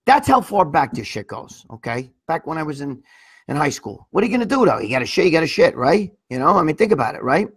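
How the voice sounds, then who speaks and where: Middle-aged male livestream host, husky and raspy, pitched high, profane and rambling. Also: big pitch swings, fast. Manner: profane, rambling, lots of restarts and "you know what I mean". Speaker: livestream host reading viewer comments. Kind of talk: crude casual storytelling.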